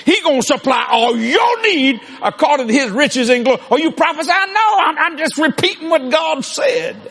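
A man preaching a sermon, shouting and boasting with animated laughs. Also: very high-pitched, moderate pace, creaky.

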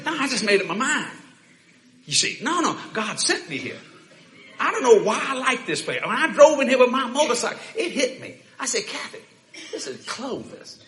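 A man preaching a sermon in a church, shouting, laughing and talking fast in bursts. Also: very high voice, very animated. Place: church hall with congregation. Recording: echoey church hall.

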